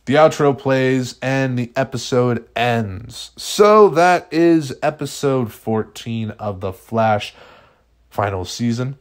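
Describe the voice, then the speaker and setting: Male YouTuber, chatty, casual vlog, fan fiction recap, mid pitch. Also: lively intonation, slow. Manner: chatty, friendly sign-off.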